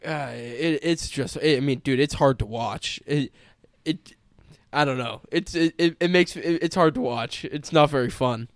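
A man's voice: mid-range voice, measured pace, no echo. A young man co-hosting a podcast, chatting casually with lots of swearing, restarts and joking. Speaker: podcast co-host. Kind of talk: casual chat.

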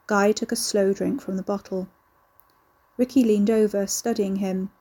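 Mellow, husky woman narrator. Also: medium pitch, fairly even intonation, normal speed. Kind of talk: audiobook narration.

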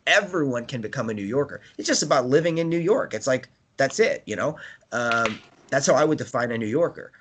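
A man's voice: mid-range voice, animated, brisk, a bit bright, a little hiss or hum. Rambling casual man chatting. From United States. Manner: rambling, with many fillers and restarts; laughs often while talking. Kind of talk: casual chat.

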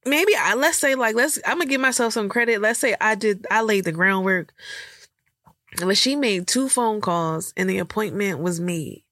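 A woman's voice: medium pitch, normal speed, bright, forceful tone, no echo. A young woman hosting a candid podcast, telling a personal story while choked up and tearful, with lots of rambling fillers. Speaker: podcast host.

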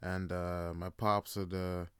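A man's voice: deep voice, flat delivery, slow pace, smooth, no room sound, studio quality. Laid-back, profane man telling stories. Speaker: podcast host. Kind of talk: casual storytelling monologue.

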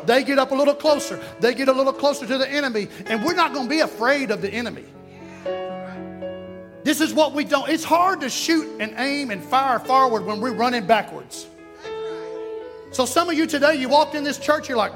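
A man's voice: very high voice, fast, long reverb tail, over music. A man, preaching a sermon in a church and calling the congregation to respond. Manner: animated preaching with call-and-response. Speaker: pastor. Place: church sanctuary.

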